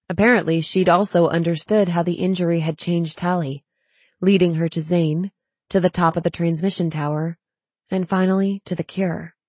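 A woman narrating a novel as an audiobook in a measured, steady way. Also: lowish voice, no echo. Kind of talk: scripted narration.

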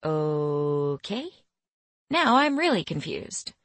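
A young woman narrating a first-person story in a measured, quietly bemused way, in a studio. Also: sits low, big pitch swings, no echo. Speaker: audiobook narrator.

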